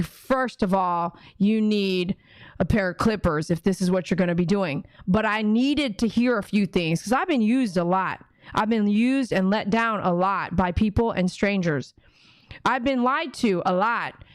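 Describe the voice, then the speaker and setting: A woman's voice: mid-range voice, clean tone, dry recording. A woman dog groomer hosting a casual livestream, chatty and rambling, often acting out conversations.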